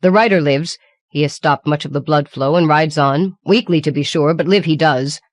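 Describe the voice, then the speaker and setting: A woman reads as a solemn old man in a storybook fantasy, his voice dropped low and quiet. He sounds steady and grave, a careful elder speaking softly in a dry, close recording. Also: moderate pace, no room sound, lightly acted.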